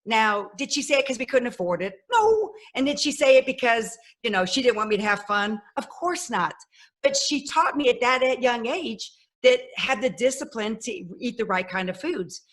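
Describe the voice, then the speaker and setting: A woman in her fifties, a podcast guest telling her life story in a lively way and acting out the voices of people she quotes. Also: on the high side, moderate pace. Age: 50s. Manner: animated, acts out quoted voices. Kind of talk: personal storytelling.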